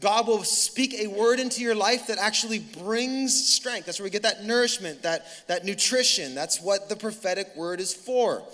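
A man in his thirties preaching a sermon, talking casually and telling a story in animated bursts with quick restarts. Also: high voice. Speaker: pastor. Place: large church hall. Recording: reverberant hall.

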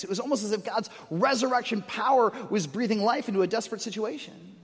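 Man preaching, high voice, animated storytelling, long echo of a large church hall. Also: fast, few pauses, husky. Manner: animated, shifts from loud storytelling to hushed emphasis. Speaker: pastor. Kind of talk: sermon.

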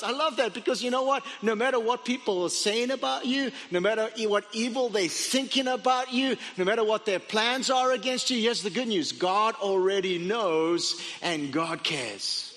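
A man's voice: high-pitched, moderate pace, fairly bright tone, big-room sound. A man preaching a sermon, retelling a story with dramatic asides and stammered restarts. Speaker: pastor.

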